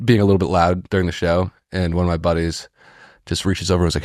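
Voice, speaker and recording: A man with a very low voice tells stories on a casual podcast, swearing often and acting out other people's lines. He is a little under the weather, so his voice sounds slightly hoarse. The sound is dry and close to the mic. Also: fast, no echo. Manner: animated storyteller, swears a lot, mimics voices. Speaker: podcast co-host. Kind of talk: casual chat, storytelling.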